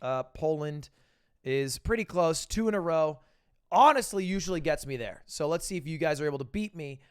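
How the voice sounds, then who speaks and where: A man's voice: on the high side, expressive, moderate pace, clear, resonant tone, no room sound, studio quality. Joking young male streamer thinking aloud. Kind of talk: casual live-stream commentary.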